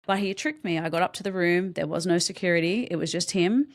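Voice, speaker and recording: A young adult woman appears as a podcast guest and tells her own story in a lowish voice. She speaks candidly but haltingly, restarting sentences and filling pauses with ums.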